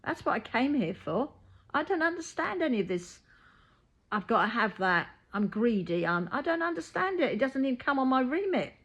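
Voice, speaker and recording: A woman's voice: high-pitched, very animated, moderate pace, fairly bright tone, husky. A woman, a reiki healer talking in a blunt, matter-of-fact monologue and acting out the voices of people she quotes. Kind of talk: casual spoken monologue.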